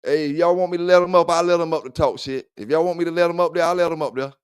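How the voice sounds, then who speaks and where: A man's voice: on the high side, steady tone, very fast, smooth, no room sound, clean studio sound. A man hosting a livestream dog talk show, chatting loosely with viewers in profane trash talk and laughing often. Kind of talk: casual livestream chat.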